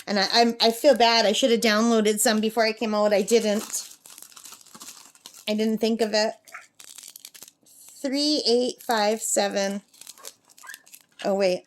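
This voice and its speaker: A woman's voice: on the high side, steady tone, slow, pauses often, a little hiss or hum. A middle-aged woman chatting casually while crafting, reading out number codes and cooing at her pet bird. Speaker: craft vlogger. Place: campsite.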